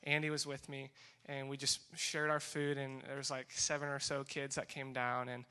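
Young male speaker, bright tone, lively story talk acting out each exchange. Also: mid-range voice, normal speed, clean tone. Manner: animated storytelling with acted-out dialogue. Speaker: speaker sharing a mission trip story. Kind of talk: testimony talk to a group.

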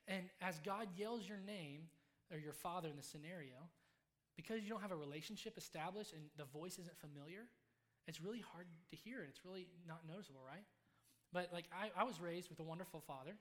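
A young adult man preaching a sermon in a conversational, storytelling way, dropping to soft, hushed tones for quiet moments. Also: fairly high pitch, fast talker.

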